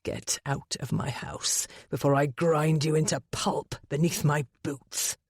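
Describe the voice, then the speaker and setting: A narrator voicing a ruthless self-made duke in an audiobook, speaking in a low, smooth and threatening way. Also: male voice, steady tone, measured pace, no echo, clean studio sound, heavily acted. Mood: menacing. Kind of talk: audiobook character voice.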